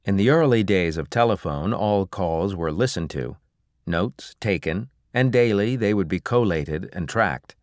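A man narrates an audiobook in a low voice, steady and even. The recording is dry and close, with no room sound. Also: measured pace, dry recording. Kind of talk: scripted narration.

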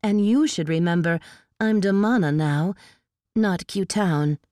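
A woman's voice: fairly low pitch, animated, a little slow, a little mellow, dry recording, voice pushed up. A woman reading the part of a haughty, disdainful female elf courtier in a storybook. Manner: disdainful, chiding.

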